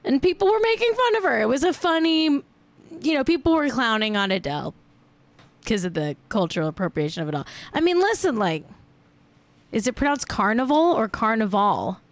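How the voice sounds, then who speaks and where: A woman's voice: on the high side, big pitch swings, fairly quick, no echo. A young adult woman hosting a celebrity gossip show, chatting casually and joking with frequent giggles. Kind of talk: casual live-stream chat.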